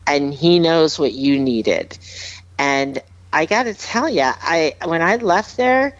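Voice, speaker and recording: A woman's voice: low voice, animated, slow pace, no echo, dull audio. A woman guest on a podcast, earnestly telling a personal story with emphatic repeats. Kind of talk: heartfelt storytelling, casual chat.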